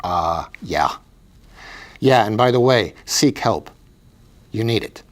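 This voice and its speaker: A man voicing a blunt, exasperated male official who answers flatly and dismissively. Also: on the low side, slow.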